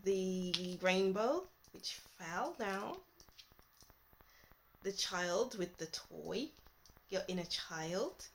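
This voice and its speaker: A woman's voice: mid-range voice, lively intonation, drawn-out words, long pauses. A woman giving a chatty, reassuring tarot reading into her phone, now and then laughing at herself. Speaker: tarot reader.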